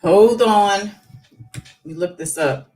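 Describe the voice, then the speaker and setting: A woman's voice: mid-range voice, slow, a little mellow, soft background music, rough recording. A woman hosting a casual live stream, chatting and musing as she reads news aloud with her own asides.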